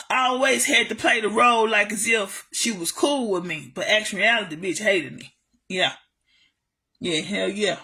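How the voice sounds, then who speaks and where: In a medium-pitched voice that's bright, forceful and a little rough, a woman vents on her vlog about her family. It's a profane storytime rant full of repetition and shout-outs to viewers.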